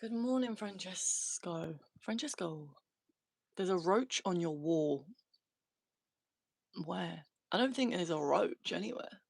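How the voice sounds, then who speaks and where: A woman's voice: lowish voice, animated, slow, vocal fry, pauses often, darkish tone, no room sound. British female livestream host, loose and giggly, reads chat aloud, dry voice with no room. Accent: British English. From Britain. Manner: laughs often, loose and swears casually. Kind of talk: casual live chat answering viewer comments.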